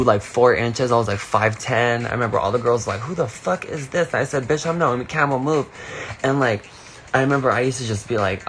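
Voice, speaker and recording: A young man with a middle-pitched voice chatting on a phone livestream, campy and profane, slipping into sudden high squeals when he quotes people. There is a faint hiss of background noise under his voice. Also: pushed and bright. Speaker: streamer on a live video. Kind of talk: casual storytelling chat.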